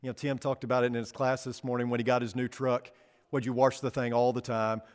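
A man's voice: mid-range voice, flat delivery, fast, clean tone. Man preaching in an echoing hall. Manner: conversational, asks the congregation questions. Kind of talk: sermon. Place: church sanctuary.

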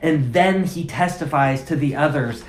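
A fairly high-pitched male voice at normal speed preaches a sermon as pastor. He's casual and chatty, driving points home with repeated phrases, and the space around him echoes.

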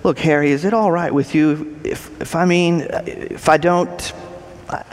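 A male preacher voicing a timid, tearful woman who speaks softly and stammers. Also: mid-range voice, lively intonation, long reverb tail, close to an everyday voice. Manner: halting, stammering, soft.

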